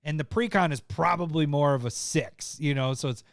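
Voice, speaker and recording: A man co-hosting a casual podcast chat, laughing often, excitable, often trailing off mid-sentence. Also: fairly high pitch, normal speed, vocal fry, no echo, clean studio sound. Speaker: podcast co-host.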